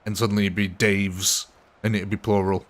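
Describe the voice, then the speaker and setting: A man's voice: fairly low pitch, level tone, normal speed. Rambling, self-mocking male game streamer. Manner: rambling and self-mocking, prone to laughing at himself. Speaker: gaming livestream host. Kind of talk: casual live commentary chatting with viewers.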